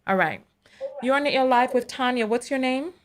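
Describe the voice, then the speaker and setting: Fast-talking woman hosting a call-in show. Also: sits high. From United States. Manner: talks fast, repeats words when starting a thought. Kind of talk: live call-in commentary.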